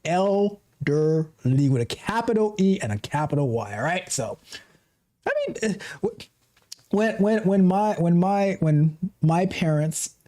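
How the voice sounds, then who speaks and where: A middle-aged tech coach hosting a laid-back livestream rants passionately, often stopping to start over. His voice sits high with lively intonation, but he speaks slowly and his tone is dark.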